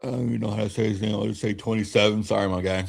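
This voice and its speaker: A man streaming a watch-along, giving relaxed fan play-by-play while tired and yawning, often restarting his sentences. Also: lowish voice, very fast, gravelly. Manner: relaxed, rambling calls with frequent self-corrections. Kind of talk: casual fan play-by-play commentary.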